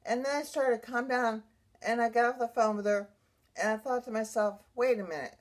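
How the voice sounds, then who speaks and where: A woman's voice: on the high side, a little fast. Emotional woman telling her own story. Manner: emotional, rambling, with many restarts. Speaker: brain injury survivor sharing her story. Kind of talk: personal vlog monologue.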